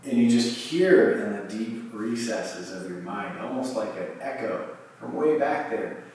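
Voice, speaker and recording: Slow, deep-voiced male yoga teacher. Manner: slow, calm guiding cues with long pauses. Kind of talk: guided yoga class. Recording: distant mic in a very echoey room.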